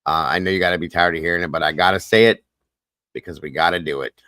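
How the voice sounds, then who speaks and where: A man's voice: deep voice, steady tone, fast, bright, forceful tone, dry recording. A man with a Southern US accent hosting a casual livestream chat, folksy, repetitive and upbeat. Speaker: host.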